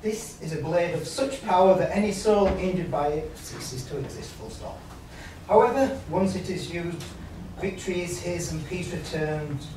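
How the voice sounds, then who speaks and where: A man reading a story opening aloud to a live audience in a grand, measured way. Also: high-pitched, darkish tone. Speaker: author reading his story. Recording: echoey hall, far mic, faint noise.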